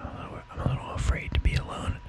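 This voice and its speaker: A man's voice: racing, low-quality recording. A man doing a whispered ASMR segment, rambling and self-mocking. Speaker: podcast co-host.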